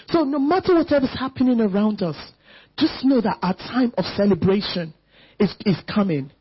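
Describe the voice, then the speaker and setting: Woman preacher, fervent sermon delivery, very husky breathy voice, a bit high, dull lo-fi sound. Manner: fervent preaching, reads scripture aloud slowly. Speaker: church speaker.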